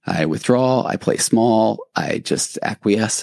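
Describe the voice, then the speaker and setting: A man's voice: fairly low pitch, takes it slowly, vocal fry, a little mellow, no room sound, clean studio sound. A man hosting a podcast, talking in an earnest, reassuring and reflective way, with conversational restarts. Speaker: podcast host. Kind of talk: casual podcast monologue.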